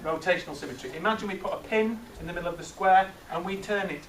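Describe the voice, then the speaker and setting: A man's voice: high voice, fast. Man teaching pupils in an echoey classroom. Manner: lively, questioning, frequent tag questions. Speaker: teacher leading a maths master class. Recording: echoey classroom from far off, noisy.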